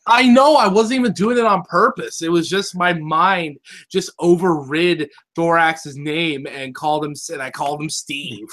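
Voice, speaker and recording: Young male co-host from California, higher voice, hyped and joking. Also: normal speed, hardly any pauses. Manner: animated, swearing, jumps between jokes and impressions. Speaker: podcast co-host. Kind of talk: excited fan chat.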